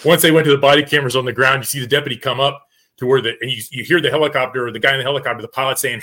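A former police officer talking on a roundtable show, telling a story and slipping into the voices of the people in it. His voice is bright and forceful at a middle pitch. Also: very fast. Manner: animated storytelling with acted-out quotes. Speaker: retired police officer panelist. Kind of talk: casual roundtable discussion.

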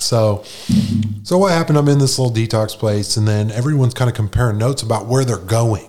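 A man's voice: medium pitch, fairly quick. A middle-aged man from New York, a guest telling a personal story in casual, slangy talk, acting out the voices of the people in it. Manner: animated, slangy, acts out quoted voices.

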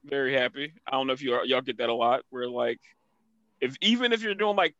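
A man in his thirties, a guest comedian from Philadelphia, telling animated stories in casual podcast chat. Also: fairly quick, no echo, lo-fi sound. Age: 30s. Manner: animated storyteller, high put-on voices in anecdotes.

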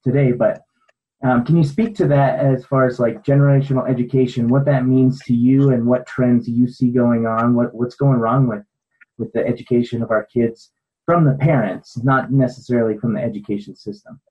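A man's voice: medium pitch, steady tone, normal speed, warm tone, lo-fi sound. A male interviewer asking a loose, hesitant question with fillers.

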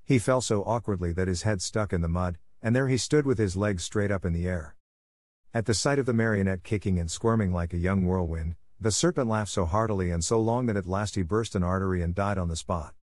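A man with a low voice reads a children's classic aloud in scripted storybook narration. His delivery is steady and even, recorded close and dry with no room sound. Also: fairly quick, no echo. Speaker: audiobook narrator.

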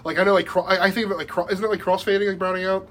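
A man's voice: sits high, flat delivery, very fast, fairly bright tone, slight background noise. A young man telling a rambling story in casual podcast chat, full of likes and restarts and laughing as he goes. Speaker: podcast guest.

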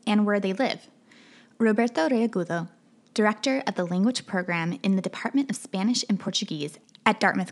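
A woman reporter giving scripted news narration in a clear, steady delivery. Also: medium pitch.

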